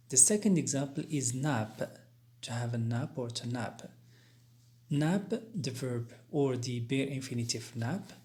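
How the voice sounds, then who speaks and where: A man teaching an English grammar lesson, explaining spelling rules slowly and deliberately, spelling out letters with careful pauses and fillers. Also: medium pitch.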